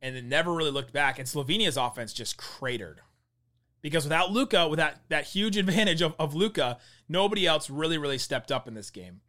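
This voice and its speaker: A man's voice: a little high, expressive, a little fast, bright, forceful tone. A young man hosting a basketball show, rambling through a casual game breakdown and laughing mid-sentence. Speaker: basketball podcast host. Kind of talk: casual sports analysis.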